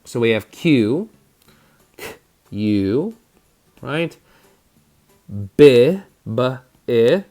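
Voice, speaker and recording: A man teaching a phonics spelling lesson to children, sounding out words slowly and patiently and over-enunciating each syllable. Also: mid-range voice, sing-song, warm tone, soft background music.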